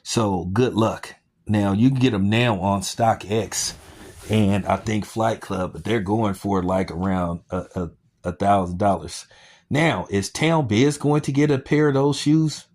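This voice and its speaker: A man's voice: lowish voice, unhurried, a little mellow. A man hosting a casual sneaker-news vlog, rambling with many fillers and sarcastic asides. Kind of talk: casual chat.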